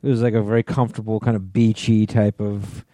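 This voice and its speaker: A man's voice: fairly low pitch, level tone, brisk, dark tone, no room sound. A man co-hosting a podcast, telling rambling, profane stories full of "you know". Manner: rambling storyteller, lots of you-knows, swearing. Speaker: podcast co-host. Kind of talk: casual chat.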